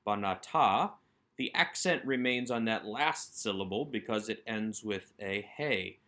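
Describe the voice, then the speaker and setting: Male language teacher, lowish voice, patient and methodical, recorded lesson. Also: fairly bright tone. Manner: patient, methodical explaining of grammar. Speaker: Hebrew teacher.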